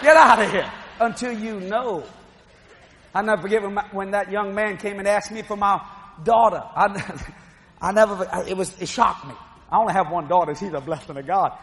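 A middle-aged man preaching a sermon, telling a story with animated, shouting delivery. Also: sits high, fairly quick, big-room sound.

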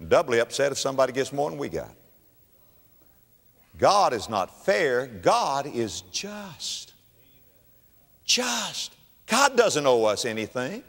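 A man's voice: mid-range voice, very animated, unhurried, gravelly. A male preacher giving a sermon, telling stories emphatically and repeating key phrases. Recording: long reverb of a large hall.

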